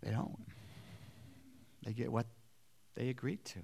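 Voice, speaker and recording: Man preaching a sermon, mid-pitched voice, conversational, rhetorical questions to the congregation. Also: unhurried, creaky, darkish tone, husky. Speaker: pastor.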